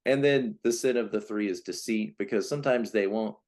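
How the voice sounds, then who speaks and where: A man being interviewed as a personality coach, explaining in a conversational way, often restarting and now and then acting out quoted voices. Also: brisk. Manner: animated, acts out voices of types with big pitch jumps; many restarts and repeated words. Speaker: Enneagram coach, guest.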